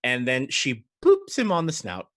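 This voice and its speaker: A man's voice: mid-range voice, wildly swooping pitch, normal speed, a bit bright, no echo, clean studio sound. A man narrating and running a tabletop game as dungeon master, friendly and describing each scene step by step.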